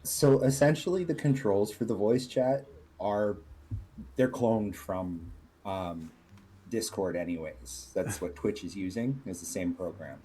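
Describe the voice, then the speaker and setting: A man on a stream voice chat lays out the details in a matter-of-fact way. His voice is low and dark-toned, relaxed and warm. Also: a little slow, slight background noise, poor audio. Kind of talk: casual chat.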